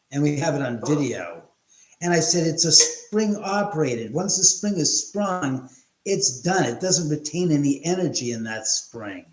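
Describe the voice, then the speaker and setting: A man's voice: fairly high pitch, reverberant, rough recording. A man hosting a live stream, chatting casually and telling stories, swearing freely. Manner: animated storyteller, swears freely. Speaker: host.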